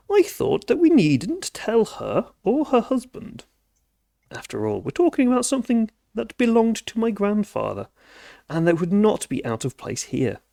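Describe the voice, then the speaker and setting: A man's voice: high voice, creaky, dark tone, dry recording, clean studio sound, heavily acted. A man playing a fussy, eager older male hobbit who coaxes his cousins, repeating himself when flustered. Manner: flustered, repeats words, coaxing. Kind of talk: tabletop role-play in character.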